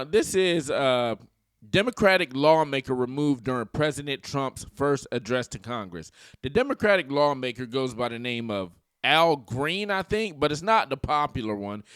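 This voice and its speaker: A man's voice: mid-range voice, a bit bright, clean tone, no echo, clean studio sound. A man giving casual, opinionated political commentary for his channel, slangy and full of joking asides. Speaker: YouTube commentator.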